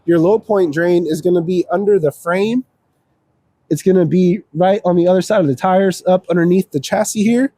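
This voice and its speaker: A man from an RV dealership walking viewers through a trailer, explaining each control in a steady, practical, step-by-step way. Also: high-pitched, normal speed, no echo. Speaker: RV dealership salesperson giving a walkthrough. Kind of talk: casual walkthrough demonstration. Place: outdoors around an RV, then inside it.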